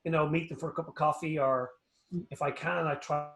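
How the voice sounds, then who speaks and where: A man's voice: a little high, a little fast. A man with an Irish accent, chatting as an interview guest, rambling and joking as he tells stories. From Northern Ireland. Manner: rambling, animated storyteller, joking. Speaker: guest, anatomist. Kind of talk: casual interview chat. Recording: echoey room.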